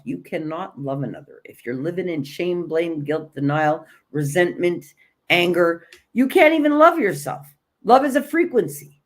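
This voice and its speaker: A woman coaching on energy and self-love in a blunt, emphatic, repetitive way, swearing casually and restarting her sentences. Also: lowish voice. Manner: conversational, with frequent restarts and fillers. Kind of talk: motivational spiritual talk.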